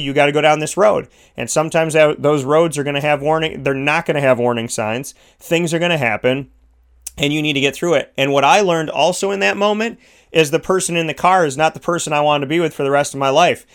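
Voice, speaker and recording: A man co-hosting a talk show recounts a story in an easygoing, animated way. His voice is smooth and clear and sits a little high, and he bursts into acted-out shouts. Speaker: podcast co-host. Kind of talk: casual storytelling.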